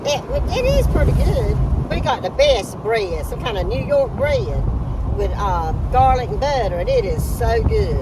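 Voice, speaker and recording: Southern lady vlogging from the car, folksy storyteller, loud background noise. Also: fairly high pitch, animated, unhurried. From North Carolina. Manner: folksy storytelling, laughs often. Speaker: vlog co-host. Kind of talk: casual chat. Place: garden outdoors, then parked car.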